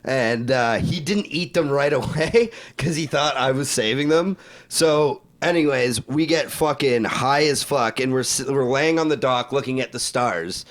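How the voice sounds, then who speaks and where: A man's voice: medium pitch, unhurried. A young man, co-hosting a podcast and telling a long story in casual chat, rambling, swearing a lot and laughing. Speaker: podcast co-host.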